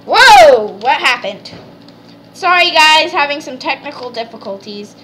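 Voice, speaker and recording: A woman hosting a let's play, chatting excitedly and explaining the game as she goes. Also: sits high, measured pace, a little hiss or hum. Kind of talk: casual gameplay chat.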